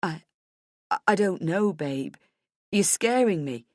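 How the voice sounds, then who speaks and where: A woman voicing a frightened young husband close to tears, speaking in a soft, halting, pleading way. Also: fairly low pitch, lively intonation, no room sound.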